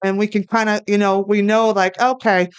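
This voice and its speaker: A middle-aged woman rants bluntly, swearing freely as she chats on a podcast. Her voice is smooth and clear, at an ordinary pitch. She talks like a seasoned stand-up. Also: flat delivery, brisk. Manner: blunt, profane, ranting. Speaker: comedian guest. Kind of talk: casual podcast chat.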